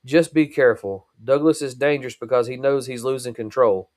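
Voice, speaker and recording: A man reading aloud and voicing a nervous but brave young woman who speaks quietly and earnestly. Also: mid-range voice, fairly even intonation, brisk, no echo, studio quality, natural voice.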